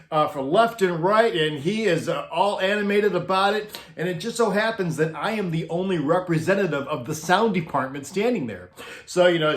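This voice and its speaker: A man's voice: high voice, fairly bright tone, roomy sound. A middle-aged man who worked on a concert sound crew, telling a backstage story casually and laughing often as he goes.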